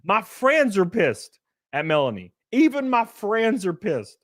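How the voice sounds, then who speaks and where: A middle-aged man, hosting a casual livestream, joking loudly and reading out chat messages. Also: high-pitched, big pitch swings, a little slow, no echo, studio quality. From Alabama. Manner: loud, joking, reads chat. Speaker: streamer host. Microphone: headset.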